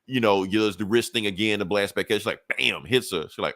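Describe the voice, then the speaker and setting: A man talks through a comic book plot in easy, rambling podcast chat. He swears often and leans on fillers. His voice sits a little low, and the sound is close and dry. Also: quick pace, a bit bright, no room sound. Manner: loose, profane storytelling with frequent fillers. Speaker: podcast co-host. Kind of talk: casual comic book recap.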